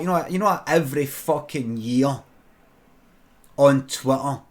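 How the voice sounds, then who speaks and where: A man's voice: mid-range voice, measured pace. A Scottish man improvising a comic story, rambling and swearing freely as he digresses. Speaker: streamer.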